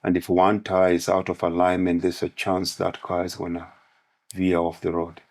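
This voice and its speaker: Deep, gravelly-voiced man; storytelling podcast guest, teaches through analogies. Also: completely flat delivery, normal speed, a little mellow. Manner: preaching in parables and analogies. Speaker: guest speaker on manhood.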